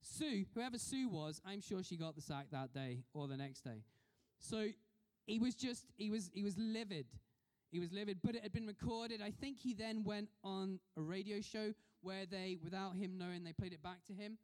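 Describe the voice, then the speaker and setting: Male preacher, fairly high voice, chatty sermon with questions to the room, long hall echo. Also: moderate pace, few pauses, darkish tone. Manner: conversational, asks the congregation questions.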